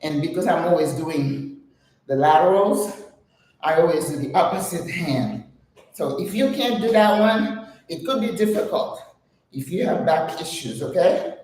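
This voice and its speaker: A woman's voice: fairly low pitch, lively intonation, a little slow, a little mellow, slight background noise. An older woman leading a home exercise routine, chatting, coaching and counting reps aloud while out of breath. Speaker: exercise vlogger. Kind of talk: guided home workout chat. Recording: very echoey room, voice from a distance.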